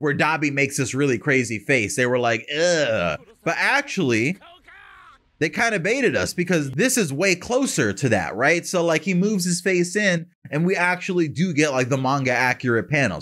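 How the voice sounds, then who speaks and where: A man's voice: fairly high pitch, pushed and bright. A man hosting an anime reaction channel, giving chatty commentary full of slang and tag questions.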